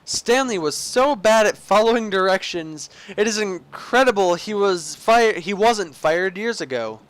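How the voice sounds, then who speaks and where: A man's voice: sits high, expressive, measured pace, a bit bright, smooth, no echo. A young man playing a game and reading its narration aloud himself, goofy and rambling, with slips and restarts. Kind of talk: let's play commentary, reading the game's narration aloud.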